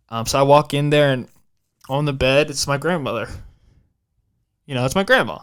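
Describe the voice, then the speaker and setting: A young man on a podcast, telling a personal story with a smooth, resonant voice at an ordinary pitch. He stops and restarts his phrases and repeats himself, and he swears casually between thoughts. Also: moderate pace, pauses often, a bit bright. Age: young adult. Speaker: podcast host.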